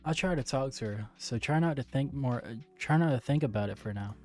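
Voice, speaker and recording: A man reading as a gentle teen club president. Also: mid-range voice, a little fast, soft background music, natural voice. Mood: coaxing.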